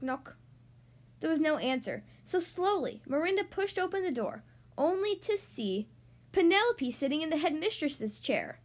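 A woman reading a children's storybook aloud in an animated, sing-song way. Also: sits high.

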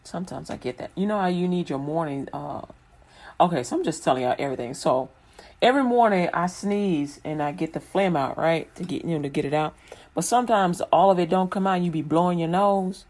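A woman's voice: fairly low pitch, brisk, a little mellow. Rambling, laughing woman from Chicago. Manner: rambling, colloquial, laughs often. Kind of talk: casual faith chat.

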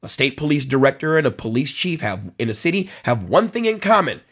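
Husky man hosting a live stream. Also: mid-range voice, big pitch swings, a little fast, a bit bright. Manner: conversational, repeats phrases for emphasis, addresses commenters by name. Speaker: host of a policing talk show. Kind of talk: live-stream commentary reading viewer comments.

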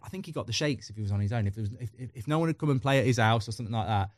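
A middle-aged football YouTuber appears as a podcast guest, talking very fast in a mid-range voice. He chats candidly, rambling through personal stories. The studio-quality recording is dry.

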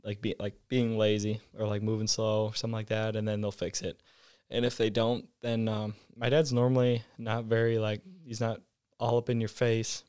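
Young man, casual chat, rambling with fillers, low voice, dry close recording. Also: normal speed, clean tone, dry recording. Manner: relaxed, rambling, heavy on filler words.

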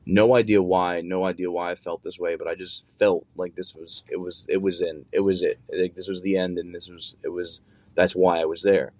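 Deep-voiced man telling a rambling story. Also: flat delivery, normal speed, a little mellow, no echo. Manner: rambling, profane, many fillers and restarts. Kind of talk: casual storytelling.

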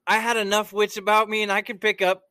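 A man hosting a loose, casual chat who tells long, rambling stories peppered with swearing. His voice is bright, crisp and clean, set a little high for a man. The sound is dry and close. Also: flat delivery, fast, no echo. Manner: profane, rambling storyteller.

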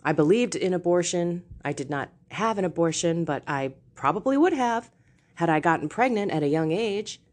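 A woman's voice: lowish voice, expressive, darkish tone. A middle-aged woman hosting a Catholic podcast, speaking frankly and confessionally from a seat in a home. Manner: frank and confessional, slow and deliberate. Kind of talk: candid faith talk. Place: seated in a home.

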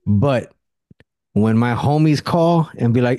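A man hosting a podcast, telling stories with animated energy and acting out the people in them. His voice sits at an ordinary middle pitch and his manner stays loose and drawling. The sound is dry and close, with no room around it. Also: a little slow, no echo. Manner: animated storyteller acting out quotes in a higher voice; relaxed, drawling, says don't and nothing. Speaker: podcast host. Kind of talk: casual chat.

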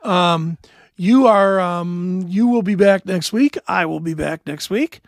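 Gravelly high-voiced man, hoarse. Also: takes it slowly, no echo, clean studio sound. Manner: profane, laughing, joking. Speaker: podcast host. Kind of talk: casual chat.

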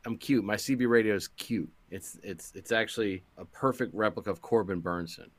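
A man co-hosts a comedy podcast, building absurd improvised stories with playful glee. His voice sits very low. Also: fairly quick, no room sound. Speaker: podcast co-host. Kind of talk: comedic movie-riff chat.

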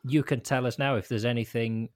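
A man co-hosting a podcast who talks with dry, deadpan humour. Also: mid-range voice, a little fast, no echo. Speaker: podcast co-host. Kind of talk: casual chat.

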